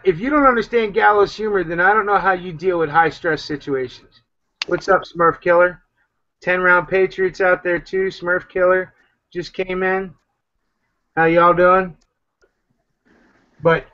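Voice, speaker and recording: A man hosting a casual online talk show, rambling loosely and giving shout-outs to listeners. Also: sits high. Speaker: podcast host. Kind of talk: casual chat. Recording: dull lo-fi sound.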